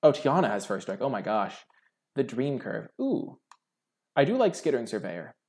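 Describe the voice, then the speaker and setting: A man's voice: medium pitch, very animated, moderate pace, darkish tone. A young man hosting a card game video, thinking aloud over his draft picks in a musing, hesitant way full of filler words.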